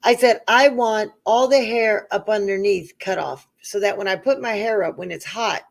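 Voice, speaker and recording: A woman's voice: mid-range voice, moderate pace, creaky. A middle-aged woman, the co-host, telling a long personal story in casual chat and acting out the voices of the people in it. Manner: animated storyteller, acts out quoted voices.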